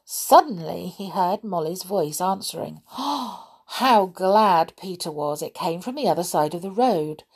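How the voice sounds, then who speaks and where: A woman narrating a children's storybook in an expressive, animated way. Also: on the low side, measured pace, husky.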